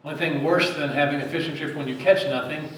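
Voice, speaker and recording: A man's voice: on the high side, steady tone, brisk, fairly bright tone. A man preaching a sermon in a church sanctuary, talking conversationally and asking the congregation questions. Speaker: pastor. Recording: very echoey, distant mic.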